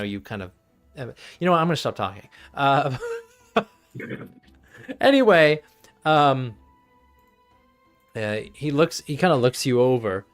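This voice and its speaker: Male game master, mid-pitched, chatty and self-correcting, with light music underneath. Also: fairly bright tone. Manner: rambling, laughs often, self-correcting. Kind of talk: narrating a tabletop game.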